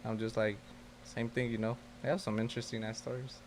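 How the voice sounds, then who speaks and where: A man's voice: mid-range voice, flat delivery, a little fast, a little hiss or hum. A man co-hosting a casual podcast chat, talking in a laid-back, slangy way. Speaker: podcast co-host.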